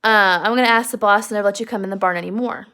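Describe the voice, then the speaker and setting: A woman's voice: medium pitch, fairly even intonation, racing, sharp tone, clear, resonant tone, natural voice. A woman voicing a proud, lonely older stable hand, curt and dismissive. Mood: fed up.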